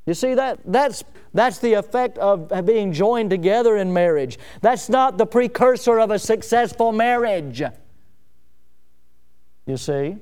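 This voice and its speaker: A man preaching in church with a high, ringing voice. He hammers home his points by repeating phrases and climbs to loud peaks before sinking low. The tone is smooth and clear throughout. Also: lively intonation, measured pace. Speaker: pastor. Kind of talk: sermon.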